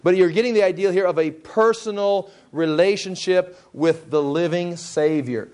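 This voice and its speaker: A man with a notably high-pitched voice teaches from scripture in a relaxed, conversational way. He retells the story in his own words, restarting sentences and briefly acting out what the people said. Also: normal speed, clean tone. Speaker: preacher teaching the Bible.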